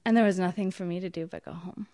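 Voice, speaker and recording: A woman's voice: fairly low pitch, steady tone, fast talker, dark tone, dry recording, clean studio sound. A woman telling a personal story in an emphatic, wry, indignant way. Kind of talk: personal story told to an audience.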